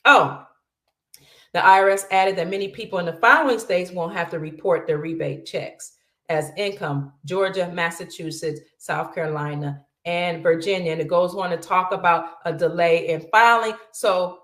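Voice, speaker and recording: A woman's voice: fairly low pitch, moderate pace, a bit bright, reverberant. Middle-aged woman host, casual commentary, chatty, reads items aloud, calls viewers family.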